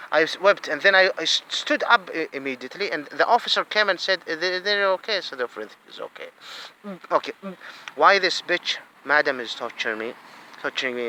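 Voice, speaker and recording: A man tells a personal grievance, halting and repeating words with many fillers. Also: on the high side, pushed and bright, a little hiss or hum, poor audio. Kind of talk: personal complaint to camera.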